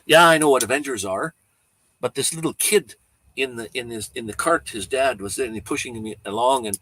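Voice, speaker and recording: A man's voice: medium pitch, brisk, sharp tone, no echo. A man hosting a casual livestream, rambling easygoing chat while showing photos, chuckling now and then. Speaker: livestream host.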